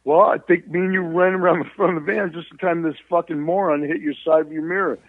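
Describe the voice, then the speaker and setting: A man in his sixties from New York, hosting and telling a story casually, swearing freely and shouting exclamations. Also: fairly high pitch, fast talker, no room sound. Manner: profane, animated, shouts exclamations. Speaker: host. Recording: tinny phone-line sound.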